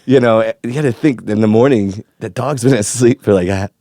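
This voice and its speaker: A man from Northern California telling a long, animated, profane story in casual chat, acting out the voices of the people in it. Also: lowish voice, a little fast, crowd noise. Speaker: podcast guest.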